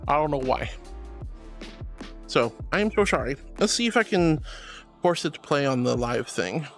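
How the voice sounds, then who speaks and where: A woman's voice: low voice, animated, moderate pace. Bubbly woman streamer with a bouncy, swooping voice and light music underneath. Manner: bubbly, giggly, affectionate. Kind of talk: casual chat, reading chat aloud.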